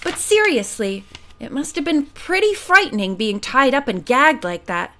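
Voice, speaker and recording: An earnest young man, read by a woman, speaks with quiet sympathy. His voice is slightly lower than the narration but still light. He sounds sincere. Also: very animated, normal speed, exaggerated voice.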